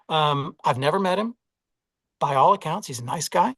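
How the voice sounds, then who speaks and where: In a casual interview, an audiobook narrator with a Southern US accent reflects on things with self-deprecating humor, often falling back on "like" and "you know." He talks fairly quickly in a high-pitched, fairly bright voice with lively intonation, and the recording is dry.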